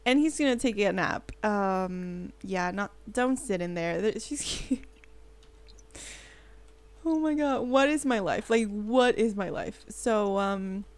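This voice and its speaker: A young woman giving excitable let's play commentary, giggling, gasping and fretting aloud while she plays. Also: medium pitch, slow, clear, resonant tone. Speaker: gaming channel host.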